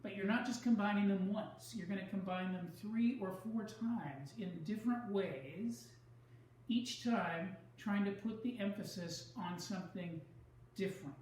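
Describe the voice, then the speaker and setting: Measured male writing teacher, roomy sound. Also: high-pitched, darkish tone, distant mic, slight background noise. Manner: measured, explanatory, leans on key words. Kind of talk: recorded online lecture.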